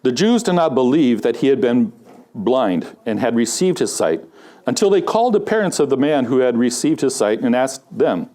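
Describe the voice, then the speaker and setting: A man preaching a sermon as pastor, telling a joke story with loud, animated punchlines and dropping low and quiet for serious points. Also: moderate pace.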